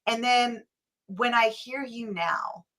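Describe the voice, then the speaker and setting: A woman's voice: on the high side, takes it slowly, a bit bright. A woman hosting a parenting podcast, talking earnestly and thinking aloud. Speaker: podcast host. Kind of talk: podcast interview.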